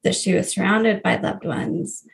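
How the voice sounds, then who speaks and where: A woman in her thirties, a grief coach, earnestly telling her personal story in an interview, with soft laughs. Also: medium pitch, unhurried, creaky, slight background noise.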